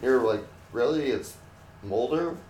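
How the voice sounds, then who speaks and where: A man's voice: mid-range voice, lively intonation, measured pace, darkish tone. A young man joking casually and profanely in a movie chat. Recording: echoey room with faint noise.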